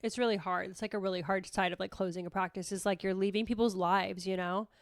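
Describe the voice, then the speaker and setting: A woman's voice: mid-range voice, steady tone, fast talker, no room sound, studio quality. A woman in her thirties hosting a podcast, talking candidly and casually, full of "like" fillers, swearing freely and poking fun at herself. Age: 30s. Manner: chatty, frequent "like" fillers, swears freely, self-mocking. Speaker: podcast host.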